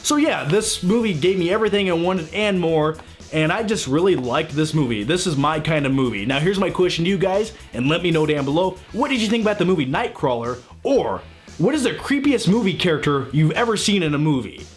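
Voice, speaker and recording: A man's voice: a little high, animated, fairly quick, faint music behind. A man hosting his own channel, giving a casual, enthusiastic movie review that rambles and swears now and then.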